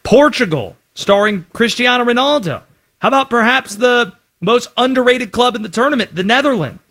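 A man hosting a sports show, delivering a brisk, opinionated commentary monologue. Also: extremely high pitch, expressive, fairly bright tone. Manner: brisk, opinionated delivery with quick name lists.

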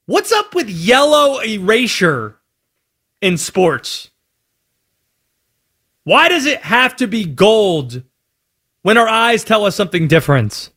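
Male sports radio host, lively high voice, playful ranting delivery. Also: slow, pauses often, slightly rough. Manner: animated, playful rants. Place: radio studio.

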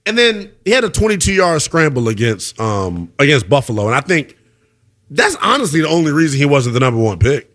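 A man's voice: a little high, very animated, fairly quick, fairly bright tone. A man hosting a sports talk radio show, emphatic and conversational. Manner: emphatic, conversational, calls people brother.

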